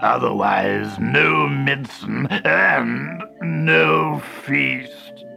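A storybook narrator voicing a sick old male ogre doctor who growls his words slowly and gruffly. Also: medium pitch, sharp tone, faint music behind, voice pushed down, exaggerated voice. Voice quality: gravelly growl. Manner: slow, gruff, clipped.

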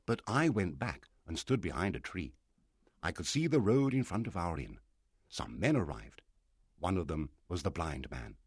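A man narrating a storybook aloud in an expressive reading style. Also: deep voice, moderate pace, breathy edge, dry recording, clean studio sound. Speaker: audiobook narrator.

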